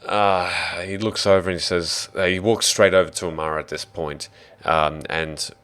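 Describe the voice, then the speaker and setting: A man's voice: low-pitched, fairly even intonation, normal speed, fairly bright tone, clear, resonant tone. A man with an Australian accent narrating a tabletop game as dungeon master, descriptive and given to hesitant fillers.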